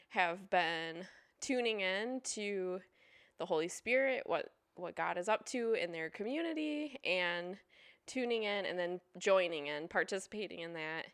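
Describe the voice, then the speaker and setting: A playful woman co-host of a podcast, rambling happily in casual conversation. Her voice is mid-pitched and recorded dry and close. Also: a bit bright, clean tone, no echo. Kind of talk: casual chat.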